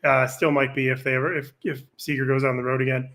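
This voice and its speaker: A man's voice: mid-range voice, little pitch movement, fast talker, creaky, a bit bright. A man telling a rambling story as a guest on a podcast, casual and profane.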